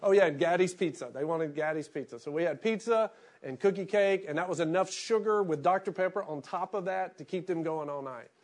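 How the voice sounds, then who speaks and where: A middle-aged man, a pastor, reading scripture aloud and then preaching in a relaxed, storytelling way. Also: high-pitched, a little fast.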